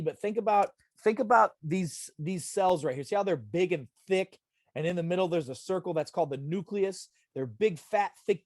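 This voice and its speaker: A man's voice: a little high, no echo, clean studio sound. A middle-aged man giving a wellness talk over a video call, emphatic and repetitive, often checking in with "okay?". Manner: emphatic, repetitive, direct address with frequent "okay?". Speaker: wellness presenter. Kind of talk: live online health talk.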